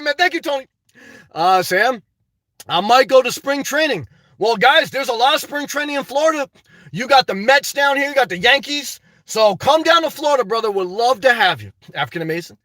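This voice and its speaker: A man's voice: extremely high pitch, very animated, a little fast, fairly bright tone, no room sound, recorded from a distance. A man hosting a livestream, reading the live chat in a chatty way and often tagging on "okay". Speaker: livestream host. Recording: dry sound, voice away from mic.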